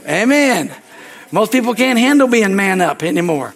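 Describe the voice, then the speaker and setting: Southern pastor guy preaching hard at church, high voice, throws in amens and hallelujahs. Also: sing-song, moderate pace. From Southern United States. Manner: fervent preaching with call-and-response asides. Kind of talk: sermon. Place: church service.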